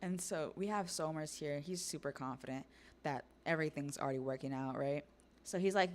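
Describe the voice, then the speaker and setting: A woman's voice: low voice, fairly quick. A woman hosting a stream, casually recapping and reacting, chatty and profane. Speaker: stream host. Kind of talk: casual episode recap and discussion.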